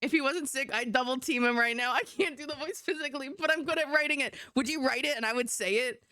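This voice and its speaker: A woman's voice: high-pitched, fast, pushed and bright, dry recording, clean studio sound. A woman streaming live and chatting casually, laughing often and swearing now and then.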